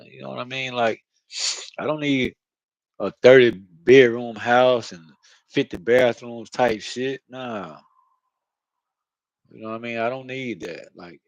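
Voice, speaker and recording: A man's voice: medium pitch, no room sound, muffled recording. A man talking casually into his own vlog, rambling and profane, often asking "you know what I mean". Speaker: channel host. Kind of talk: casual spiritual vlog monologue.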